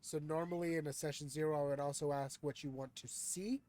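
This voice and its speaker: A man's voice: fairly high pitch, steady tone, brisk, a little mellow. A man acting as game master in a casual session chat, laid-back and joking, swearing freely.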